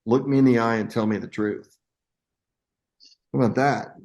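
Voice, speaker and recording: A man's voice: mid-range voice, normal speed. A man in his sixties, a veteran actor and screenwriter, telling stories in a casual interview and acting out other people's lines as he goes. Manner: animated storyteller who acts out other people's lines. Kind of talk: casual anecdotal storytelling.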